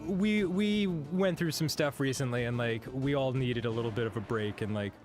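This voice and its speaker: A man's voice: mid-range voice, normal speed. A man telling a funny anecdote in a chatty, laughing way, heard as a clip played on a stream. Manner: chatty, laughing, quotes people in voices. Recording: quiet clip played on a stream, music behind.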